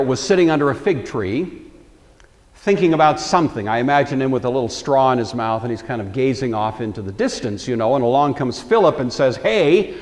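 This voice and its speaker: A man's voice: mid-range voice, a little mellow, long reverb tail. A man giving a Bible lecture, telling the story vividly and briefly acting out the voices he quotes. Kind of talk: recorded lecture.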